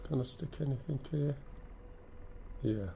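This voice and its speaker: A man's voice: mid-range voice, unhurried, vocal fry, dark tone, a little hiss or hum. A man with an English accent and a stuffy nose from a cold, chatting through a live flight-sim stream, thinking aloud and greeting viewers. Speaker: game streamer.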